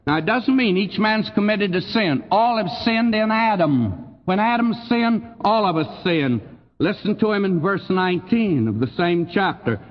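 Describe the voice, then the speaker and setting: An older man with a Texan accent preaching a sermon in a folksy, emphatic way, his voice swooping high on key phrases and dropping low. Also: lively intonation, a little slow, in a large hall, lo-fi sound. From Texas. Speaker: pastor.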